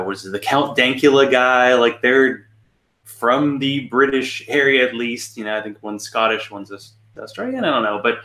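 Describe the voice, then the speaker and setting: A man's voice: mid-range voice, sharp tone. A man hosting a podcast interview, chatting in a musing, hesitant way. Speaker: podcast host. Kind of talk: casual interview chat. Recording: roomy echo.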